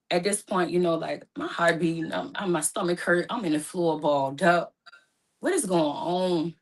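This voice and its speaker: A young woman in an emotional personal storytelling talk, acting out both sides of her phone calls. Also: fairly low pitch. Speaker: guest telling her story.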